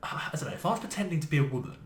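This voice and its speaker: A man co-hosting a podcast in casual chat, animated and often searching for his words. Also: fairly high pitch, rapid-fire. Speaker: podcast co-host. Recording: echoey room.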